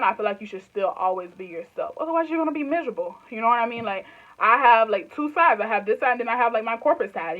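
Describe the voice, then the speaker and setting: A woman's voice: mid-range voice, muffled recording. Chatty Southern woman in her twenties. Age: 20s. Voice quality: laughs often, talks in loose run-on phrases. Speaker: YouTuber. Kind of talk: casual direct-to-camera chat.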